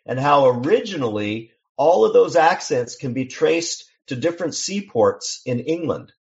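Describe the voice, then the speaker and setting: Measured male guest on a lo-fi line. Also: fairly high pitch, sing-song, creaky, darkish tone. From Seattle, US. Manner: measured, explanatory, with frequent restarts. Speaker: songwriter guest. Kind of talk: casual interview chat.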